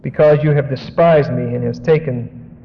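A man's voice: mid-range voice, moderate pace. A man preaching a sermon, reading scripture aloud and breaking in with emphatic asides, his voice rising sharply on key points. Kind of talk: sermon, expository Bible teaching. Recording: dull lo-fi audio in a large echoing hall.

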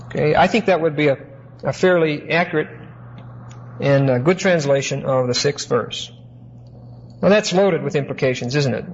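Pastor with a slightly high voice, lo-fi. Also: male voice. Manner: measured teaching with rhetorical questions, stretches key words slowly. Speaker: pastor teaching a Bible study. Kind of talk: expository sermon. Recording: muffled lo-fi recording with faint hiss.

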